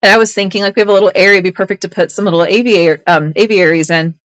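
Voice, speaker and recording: A woman's voice: medium pitch, steady tone, very fast, no echo, rough recording. A woman running a live online auction, describing items in chatty, upbeat sales patter with playful teasing asides. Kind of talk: casual live-sale patter.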